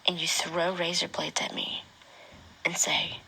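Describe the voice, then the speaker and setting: A woman speaking an emotional personal testimony straight to her former partner, often dropping to a hushed whisper. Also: lowish voice, monotone, measured pace, creaky, husky, low-quality recording. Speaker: mother recounting her own experience.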